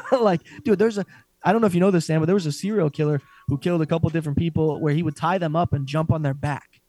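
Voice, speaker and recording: Animated, profane man, a bit high. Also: quick pace, no echo, faint music behind. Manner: profane, animated, laughs often. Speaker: podcast co-host. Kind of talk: casual chat.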